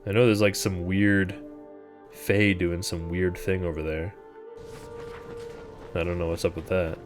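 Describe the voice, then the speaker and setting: A man's voice: low-pitched, level tone, a little slow, faint music behind. A man streaming a video game, talking through it in a casual, wry, sarcastic way. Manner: wry, sarcastic, laid-back. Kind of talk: casual gameplay commentary.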